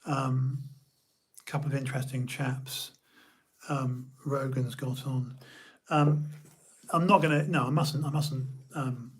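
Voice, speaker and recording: A man talks alone to his viewers in a long, wandering monologue. His voice is husky and sits at an ordinary pitch. He keeps stopping, restarting and poking fun at himself. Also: fairly even intonation. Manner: rambling, self-deprecating, halting with many restarts. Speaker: YouTube streamer. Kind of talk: rambling late-night solo monologue.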